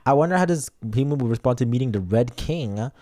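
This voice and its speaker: A man's voice: medium pitch, expressive, fast, dark tone. A man streaming a game as a VTuber, chatting casually with his viewers in a playful, goofy, mock-defensive way.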